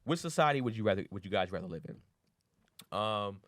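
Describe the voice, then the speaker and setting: This anime podcast co-host has a lowish voice and a brisk delivery, captured dry and at studio quality. He animatedly recaps episodes in slang, voices the characters' lines, and curses a lot.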